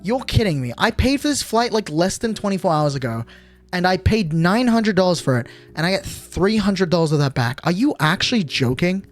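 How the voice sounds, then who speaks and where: A man's voice: sits high, lively intonation, brisk, soft background music. A young man streamer telling a storytime on a livestream, exasperated and swearing a lot, with frequent restarts.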